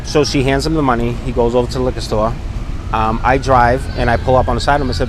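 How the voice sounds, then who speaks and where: Middle-aged man recounting events to police. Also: medium pitch. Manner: retells events with many quoted exchanges, quick and animated. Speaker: witness reporting an incident to police. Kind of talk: casual spoken account. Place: outdoors on a city street beside traffic. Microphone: police body camera. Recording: street noise and passing traffic.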